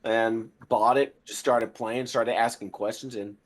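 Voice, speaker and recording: A man who is a guest on a gaming podcast, talking in a relaxed, chatty way with lots of fillers. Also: mid-range voice, unhurried. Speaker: podcast guest, military veteran. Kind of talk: casual gaming podcast chat.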